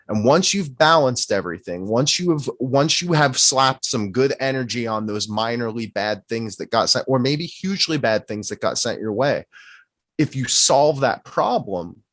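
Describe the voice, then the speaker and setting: A man's voice: medium pitch, lively intonation, a little slow, a bit bright, no echo. A man in casual podcast chat, musing aloud and posing rhetorical questions.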